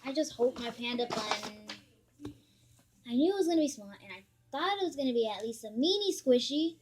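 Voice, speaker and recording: Female vlogger, high voice, casual spoof-unboxing chatter with playful fake complaints. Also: expressive, normal speed, husky. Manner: chatty, mock-annoyed complaining.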